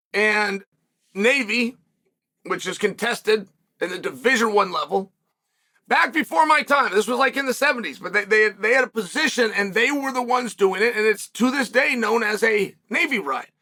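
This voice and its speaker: A man's voice: high-pitched, bright, forceful tone. A middle-aged man hosting a commentary monologue for viewers, emphatic, repeating words and asking rhetorical questions. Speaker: host and former fighter.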